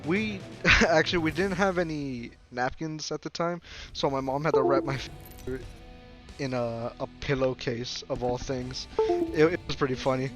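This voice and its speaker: A man's voice: medium pitch, normal speed. Young male storyteller, mid-range voice, loose rambling delivery over background music. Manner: rambling, full of fillers and restarts. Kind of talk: casual story time.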